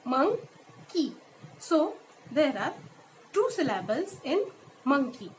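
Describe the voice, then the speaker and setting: Indian lady teacher, pretty high voice, goes over each word slow, faint hiss behind. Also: lively intonation, rough recording. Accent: Indian English. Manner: explains step by step, repeats each example word slowly. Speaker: school teacher. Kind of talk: classroom lesson mixing English and Hindi. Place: school.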